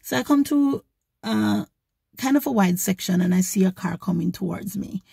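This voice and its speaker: A woman, a vlogger, retelling a story in an animated, indignant way. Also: medium pitch, normal speed, vocal fry, slightly rough, no room sound. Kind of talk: storytelling to camera.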